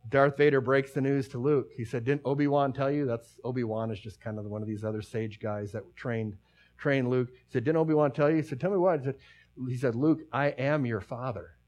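A middle-aged man preaching a sermon as pastor, talking conversationally with many restarts and dropping to a hush for emphasis. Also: medium pitch.

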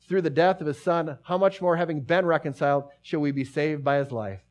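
A man's voice: fairly high pitch, a little fast, few pauses. Rambling, conversational male pastor. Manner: conversational, rambling with many restarts, drops to a hush for emphasis. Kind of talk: sermon.

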